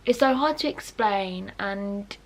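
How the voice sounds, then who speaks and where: A woman's voice: medium pitch, expressive, takes it slowly. A young woman vlogging candidly to camera, rambling frankly with lots of fillers and restarts. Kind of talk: candid personal talk to camera.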